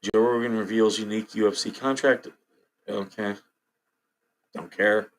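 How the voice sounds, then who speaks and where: A man's voice: on the low side, fairly even intonation, unhurried. A man hosting a casual livestream, chatting with viewers, reading headlines aloud and reacting with frequent laughs. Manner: chatty, laughs often, reacts to chat and news. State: hiccups. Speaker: livestream host.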